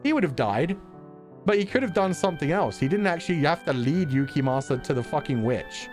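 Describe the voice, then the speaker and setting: A man's voice: a little high, a little fast, faint music behind. A man streaming a game, commenting casually with exasperated, profane rants. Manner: exasperated, profane, animated ranting.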